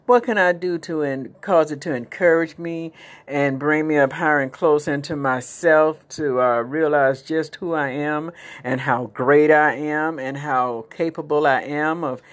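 Low-voiced middle-aged woman podcaster. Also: a little slow. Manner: rambling, warm-hearted, preachy asides. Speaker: podcast host. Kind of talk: casual inspirational monologue.

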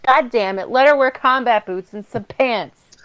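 A woman co-hosts a casual film podcast. She talks in an animated, emphatic way and swears freely as she makes her points. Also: on the high side, unhurried, clean tone, lo-fi sound. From United States. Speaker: podcast co-host.

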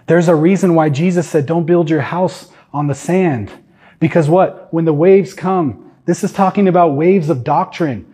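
Husky, high-voiced male preacher. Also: moderate pace, dark tone. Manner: earnest, emphatic, rhetorical questions to the congregation. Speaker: guest preacher. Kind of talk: sermon. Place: church.

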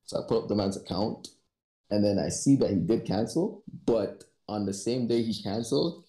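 A man telling work stories in a calm, unbothered, slangy way. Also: on the low side, normal speed, reverberant, poor audio. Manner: laid-back, unbothered, slangy storytelling. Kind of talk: casual chat.

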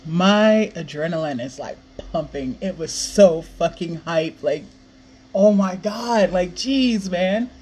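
A woman's voice: on the low side, a little mellow, slightly rough. Hyped young woman ranting on a podcast. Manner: hyped, swearing a lot, sighing and laughing. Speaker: podcast host. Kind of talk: excited solo podcast rant.

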